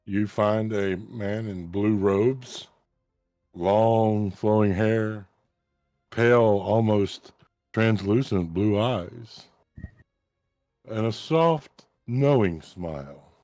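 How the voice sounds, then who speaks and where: A man running a tabletop game as game master, relaxed and quick to laugh. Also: lowish voice, no echo, studio quality, soft background music.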